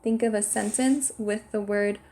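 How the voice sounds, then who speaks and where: This kindergarten teacher has a mellow, medium-pitched voice with fairly even intonation and a moderate pace. She leads children through sight words with slow, clear instruction, spelling each one aloud letter by letter and cheering them on.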